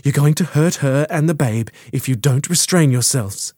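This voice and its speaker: A calm and firm young woman from a storybook speaks evenly, as a male narrator reads her in his own voice. The sound is close and dry. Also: a little high, moderate pace, no echo, natural voice.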